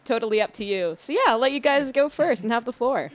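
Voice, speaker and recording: A woman hosting a casual podcast chat, bubbly and upbeat with quick reactions. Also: fairly high pitch, expressive, no echo. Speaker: podcast host.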